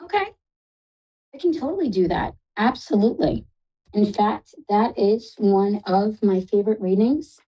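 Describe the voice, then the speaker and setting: A woman's voice: medium pitch, lively intonation, unhurried, husky. Chatty woman tarot reader, dull sound. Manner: reassuring, chatty, uses endearments. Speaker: psychic reader. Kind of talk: live tarot reading on a call-in show.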